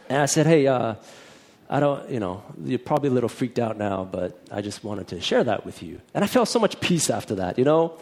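Guy preaching, telling his story, voice jumps all over the place, kinda raspy. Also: medium pitch, animated, fairly quick, darkish tone. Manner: chatty storytelling, acting out both sides of the dialogue. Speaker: minister. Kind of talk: personal testimony in a sermon.

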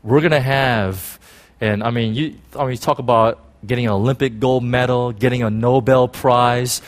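A middle-aged man preaching a sermon, swinging between shouted lines and hushed asides, full of restarts and "you know.". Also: mid-range voice, fairly even intonation, normal speed. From United States. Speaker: pastor.

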